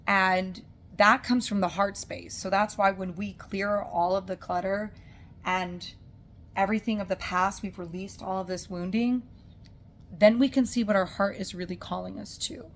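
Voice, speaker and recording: A woman's voice: medium pitch, steady tone, normal speed. Chatty woman coaching emotional healing. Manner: casual, full of "like" and "right?"; soothing, guiding the listener. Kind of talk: motivational coaching talk.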